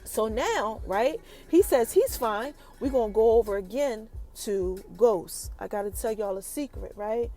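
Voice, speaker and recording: A woman hosting a podcast, recapping a TV episode in a lively, chatty way and talking straight to her listeners. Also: a little high, a little slow, hardly any pauses, faint music behind. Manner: animated, chatty, addresses listeners directly. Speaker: podcast host.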